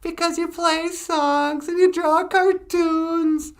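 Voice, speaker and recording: A man doing Natasha, a shrill sassy dummy girl. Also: fairly even intonation, takes it slowly. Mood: teasing. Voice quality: shrill, squeaky. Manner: bossy, teasing.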